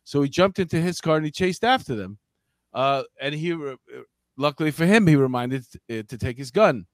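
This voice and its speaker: Speaking fairly quickly in a fairly high voice, this podcast co-host covers crime news casually, joking and swearing as he tells animated stories and acts out the people's voices. The recording is dry.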